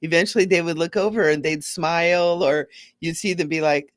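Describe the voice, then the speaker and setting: A woman giving a casual, rambling spiritual talk to viewers, gently repeating words for emphasis. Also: fairly low pitch, steady tone, fairly quick, no echo, clean studio sound. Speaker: spiritual teacher hosting a live stream.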